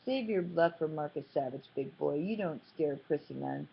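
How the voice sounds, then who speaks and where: A sharp-tongued girl fires back slowly and defiantly, as a woman reads her in an audiobook. The voice is low and husky, the audio slightly muffled. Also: lively intonation, exaggerated voice.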